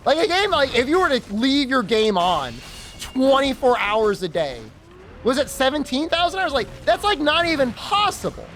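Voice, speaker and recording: A man's voice: extremely high pitch, big pitch swings, normal speed, a bit bright, slight background noise. A man streaming a game, chatting casually and rambling, with frequent giggles and teasing. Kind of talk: casual gaming stream chat.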